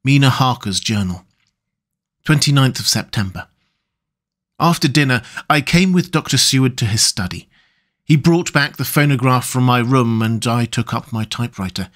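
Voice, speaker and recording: A male audiobook narrator reading a classic novel in a calm, measured manner. His voice sits at an ordinary mid pitch. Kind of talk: scripted narration.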